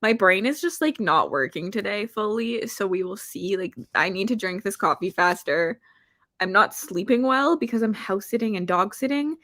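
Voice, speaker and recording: A woman hosts a relaxed book-reading livestream, chatting in a rambling, self-deprecating way. Her voice sits in a middle pitch, and the sound is dry and close. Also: moderate pace, no room sound. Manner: chatty, rambling with frequent "like" fillers. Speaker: booktuber hosting reading sprints. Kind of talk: casual livestream chat, reading out viewer comments.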